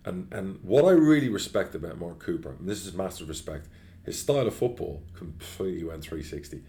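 A middle-aged man, a football club chairman, chatting casually in an interview, blunt and animated, swearing freely as he tells stories. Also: low-pitched, a little fast, creaky.

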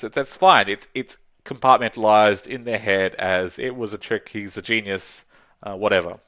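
A man's voice: on the low side, moderate pace, fairly bright tone. A man chatting casually about a tabletop game, rambling, swearing freely and laughing often. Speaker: tabletop game podcast co-host. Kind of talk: casual chat.

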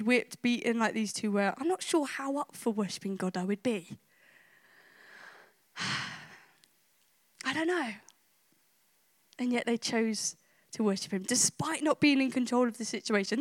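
Woman preacher, high and very expressive, dry close sound, emphatic sermon delivery. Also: no room sound. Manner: emphatic, with rhetorical questions and repetition. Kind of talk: sermon retelling a scripture story.

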